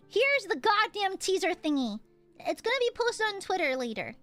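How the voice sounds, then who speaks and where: A woman's voice: very high-pitched, sing-song, quick pace, a bit bright, faint music behind. A young American woman streaming casually, playfully thanking donors and shrieking back at her chat. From United States. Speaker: VTuber streamer. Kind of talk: casual livestream chat, reading donations.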